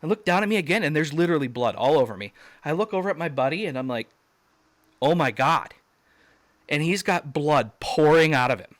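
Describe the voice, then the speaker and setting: Dry-sounding man telling a lively story. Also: quick pace, hardly any pauses, no echo. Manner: animated, acts out quoted shouts with sharp jumps up in pitch. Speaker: guest. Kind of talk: storytelling in a casual interview.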